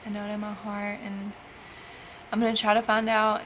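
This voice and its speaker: A young woman, a foster mother, talking in an emotional personal vlog, halting and tearful with sighs and trailing phrases. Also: mid-range voice, monotone, fairly bright tone, slight background noise, poor audio. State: emotional after crying. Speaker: foster parent vlogger.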